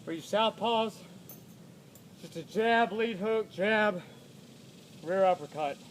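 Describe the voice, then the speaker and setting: A man's voice: high-pitched, slow pace, a little hiss or hum. A man coaching boxing combos, calling out punch numbers in plain talk while out of breath from throwing shots, recorded outdoors on a phone camera. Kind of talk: instructional demo of combos.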